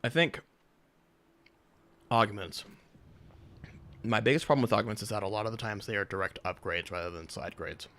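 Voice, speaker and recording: A man's voice: lowish voice, moderate pace, long pauses, a bit bright, slight background noise. A young man chatting casually with his stream chat while gaming, rambling, sarcastic and swearing a lot.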